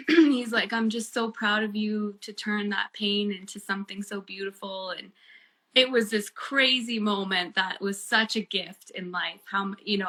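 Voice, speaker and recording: A woman, a guest and bereaved mother, telling a personal story in casual chat, earnest and animated with many fillers. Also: medium pitch. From Canada.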